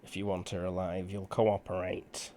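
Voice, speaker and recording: A cold, threatening male sorcerer who speaks slowly and menacingly in a low voice, as a game master puts him on. His nasal voice carries a quiet warning. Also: monotone, slight background noise. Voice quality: nasal English-style voice.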